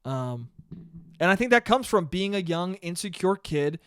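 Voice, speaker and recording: A man's voice: high-pitched, big pitch swings, normal speed, a bit bright, smooth, dry recording, clean studio sound. A young man hosting a solo podcast, rambling casually and swearing, with self-deprecating bursts of laughter. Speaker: podcast host.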